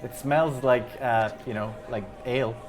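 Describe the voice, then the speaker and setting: A man's voice: medium pitch, steady tone, measured pace. A man running a tabletop game as game master, narrating with hesitant fillers.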